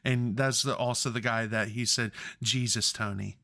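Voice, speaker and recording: A man's voice: medium pitch, fairly even intonation, moderate pace, pushed and bright. A man co-hosting a sports podcast, chatting casually, rambling and swearing freely when worked up. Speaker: podcast co-host.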